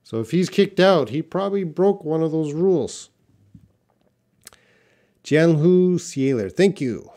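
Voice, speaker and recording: A man's voice: fairly high pitch, animated, dark tone. Male English teacher, patient explainer, live Q&A. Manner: patient, explanatory, repeats words slowly for learners. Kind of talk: live Q&A class, reading viewer questions.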